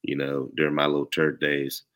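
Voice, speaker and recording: Speaking at a normal speed, a man with an extremely low, fairly bright voice chats in a monotone. He's a former player guesting on a podcast, and his Southern country drawl carries a relaxed, wandering conversation peppered with "you know."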